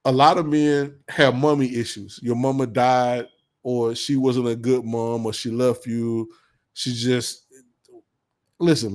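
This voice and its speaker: A male commentary vlogger with a mid-pitched voice delivers a casual advice monologue. He's blunt and preachy, uses heavy slang, and repeats his points and insults between bursts of laughter.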